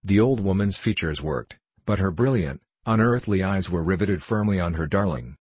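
A man narrating an audiobook in a measured, formal storytelling manner. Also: low-pitched, expressive, a little mellow, husky, no echo.

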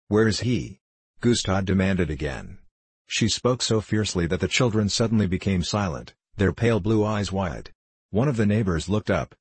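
A man narrating a novel as an audiobook, reading in a steady, measured way. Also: low-pitched, breathy edge, no room sound.

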